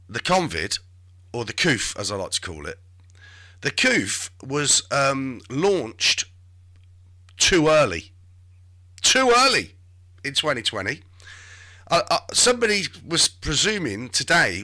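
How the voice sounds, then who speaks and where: Man, live stream host, rambling chatty commentary, very bright tense tone, lively pitch. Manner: chatty, talks to himself while searching.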